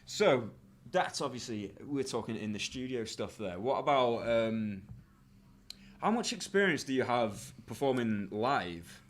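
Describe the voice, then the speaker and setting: A man's voice: medium pitch, animated, a little slow. A man hosting a casual music interview, laid-back as he asks and sets up a performance. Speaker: host.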